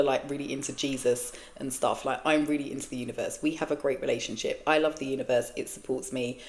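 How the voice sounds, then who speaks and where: A woman in her forties, hosting her own podcast, talks frankly and emotionally in a blunt, sweary monologue. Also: sits low. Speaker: podcast host. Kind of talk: candid personal monologue.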